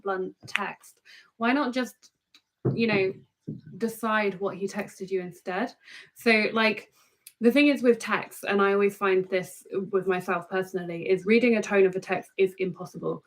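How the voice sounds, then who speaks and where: A woman's voice: medium pitch, rough recording. Chatty rambling woman co-host. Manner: rambling, chatty, many fillers. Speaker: co-host on a live stream. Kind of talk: live stream chat.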